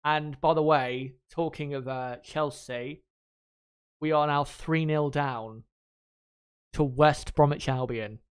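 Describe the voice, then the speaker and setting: A man's voice: fairly high pitch, fairly even intonation, slow, clear, resonant tone. A young man, hosting a casual live commentary, rambling frankly and swearing now and then. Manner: rambling, frank, swears freely, laughs easily. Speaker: channel host.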